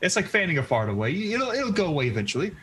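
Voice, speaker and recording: A man's voice: high-pitched, sing-song, rapid-fire, very noisy. A man acting as game master, describing the action in a loose, casual way with frequent laughs. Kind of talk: narrating a tabletop game.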